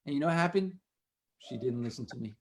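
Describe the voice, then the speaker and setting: A man's voice: medium pitch, fast talker, crowd noise. A man leading a children's music session, telling a playful story and asking the kids questions. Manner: animated, question-and-answer with kids.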